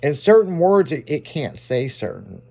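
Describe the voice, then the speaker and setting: A man's voice: on the high side, big pitch swings, gravelly, warm tone. Profane, laid-back male radio host. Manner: loose, profane, quick to laugh. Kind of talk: casual chat.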